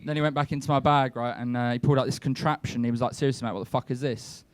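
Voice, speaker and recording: A young man doing a stand-up comedy set on a club stage, telling his stories deadpan and breaking into shouted rants. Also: medium pitch, very fast, a little hiss or hum. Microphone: handheld stage mic.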